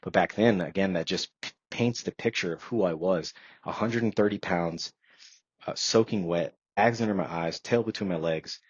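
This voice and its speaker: A man in his thirties tells a personal story as a podcast guest, earnest and reflective and full of fillers. His voice sits very low with a husky edge. The recording is dry and a little dull. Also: moderate pace, no echo.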